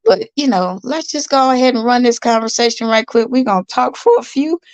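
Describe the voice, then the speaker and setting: A middle-aged woman hosts a casual livestream from her bed at home, sounding tired and chatty, repeating herself and greeting viewers by name. Her voice is fairly high and fairly quick, recorded with no room sound and the highs cut off.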